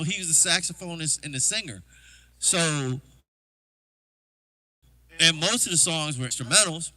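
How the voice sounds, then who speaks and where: A man, a drummer, chatting to his livestream audience and telling loose, rambling stories about past gigs, full of "you know" asides. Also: a little high. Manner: acts out quoted exchanges in a hushed voice. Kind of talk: casual livestream storytelling.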